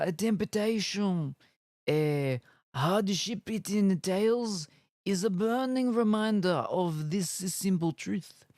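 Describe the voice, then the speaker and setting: Brief: man putting on a slow, overblown fake-Italian game trailer narrator. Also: high-pitched, a little mellow, dry recording, clean studio sound, voice pushed up. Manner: slow, drawn-out, overblown delivery.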